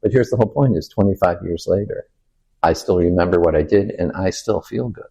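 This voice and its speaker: An older man speaks as a rabbi in a casual interview. His voice sits very low and is a bit husky. He spins anecdotes, acts out what people said and poses rhetorical questions. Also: a little fast. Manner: animated anecdote-teller who quotes people and asks rhetorical questions.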